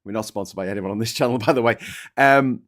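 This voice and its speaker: A man's voice: medium pitch, fast talker, fairly bright tone. A man hosting a casual political chat show, sarcastic and sweary, slipping into mocking voices. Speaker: podcast host.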